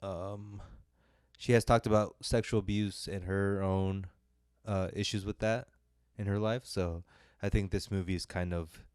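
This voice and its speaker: A young man with a lowish, smooth, clean voice, chatting about films on a podcast. He rambles, drops in fillers and self-deprecating jokes, and sounds close and dry on the mic. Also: steady tone, a little slow, a little mellow, no room sound. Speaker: podcast co-host reviewing films. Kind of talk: casual podcast chat.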